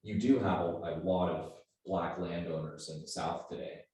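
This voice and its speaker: A man, a student, giving a measured explanation during a class discussion. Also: low-pitched, steady tone, darkish tone, very echoey, recorded from a distance, low-quality recording.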